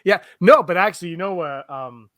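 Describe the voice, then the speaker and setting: A man co-hosting a podcast, chatting casually and telling rambling, animated stories full of restarts. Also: sits high, a little fast, no echo. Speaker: podcast co-host. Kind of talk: casual chat. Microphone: streamed remote podcast setup.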